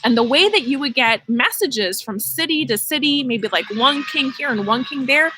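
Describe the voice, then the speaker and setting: A woman's voice: high voice, moderate pace, a little hiss or hum, poor audio. A woman hosting a casual live-stream lesson outdoors by her vegetable garden, talking playfully and straight to her viewers. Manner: animated, playful, addresses viewers directly. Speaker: host teaching kids about gardening.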